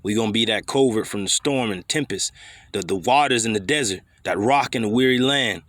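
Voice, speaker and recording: A man's voice: lowish voice, a little fast, a bit bright, no echo, studio quality. A man preaching a blunt, confrontational scripture sermon full of profanity and street slang.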